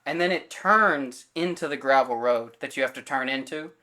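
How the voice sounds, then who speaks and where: A man's voice: medium pitch, moderate pace, bright, forceful tone. A man co-hosting a podcast in casual chat, telling a story and acting out the quoted lines of everyone in it, with loose fillers and self-corrections. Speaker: podcast co-host.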